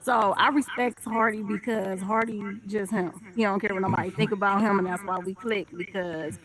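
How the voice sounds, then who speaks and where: A woman's voice: medium pitch, steady tone, moderate pace, poor audio. A woman telling a casual story bluntly, in everyday speech.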